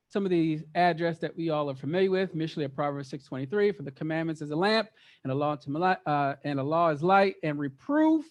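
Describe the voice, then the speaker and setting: Man, high-pitched, interactive scripture teacher who keeps quizzing the room. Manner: lively, quizzes the group, repeats words for emphasis. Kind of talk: interactive Bible study teaching.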